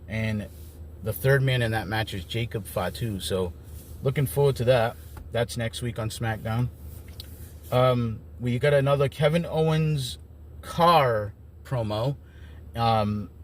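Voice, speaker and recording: A man's voice: medium pitch, a little hiss or hum. A man giving a casual, rambling recap of wrestling shows as an enthusiastic fan. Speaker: wrestling commentator.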